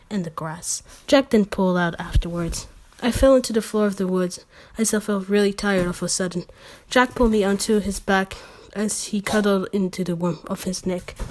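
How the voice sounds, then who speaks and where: A woman reading a fan story aloud for laughs, stumbling over words and breaking off for sarcastic asides. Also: mid-range voice. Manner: sarcastic asides, slips and self-corrections. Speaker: channel host. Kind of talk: mocking reading of fan fiction.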